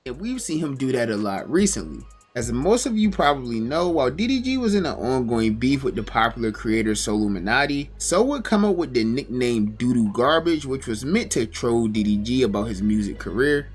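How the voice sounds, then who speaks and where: A man narrates a scripted commentary in a storytelling, explanatory way. His pitch moves in a lively, animated way, and faint music plays under him. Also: brisk, hardly any pauses.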